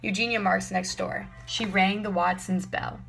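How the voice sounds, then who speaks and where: A woman reads a children's chapter book aloud, clear and measured. Her voice has a gravelly, fry-tinged texture, and soft music sits behind her. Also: mid-range voice, fairly even intonation, poor audio. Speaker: audiobook narrator. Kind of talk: scripted narration.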